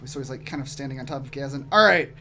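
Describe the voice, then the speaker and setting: A man's voice: mid-range voice, quick pace, vocal fry, bright, forceful tone. A man running a tabletop game online as game master, loose and chuckling, with many ums.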